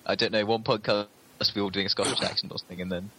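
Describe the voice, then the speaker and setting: A man's voice: fairly low pitch, steady tone, very fast, pushed and bright, slightly rough, rough recording. A man co-hosting a podcast, explaining ideas patiently in an agreeable casual chat. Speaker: podcast co-host.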